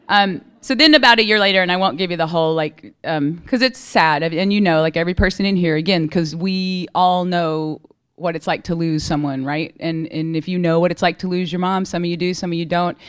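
A woman with a fairly low, clean-toned voice gives a candid recovery testimony at a meeting. She talks conversationally, frequently asking her audience "right?"

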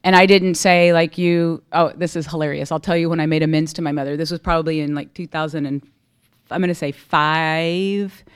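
A woman's voice: sits low, fairly even intonation, brisk, smooth. A woman giving a candid, conversational recovery testimony at a meeting, often checking in with her listeners. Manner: candid and conversational, keeps asking "right?". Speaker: speaker sharing at a recovery meeting.

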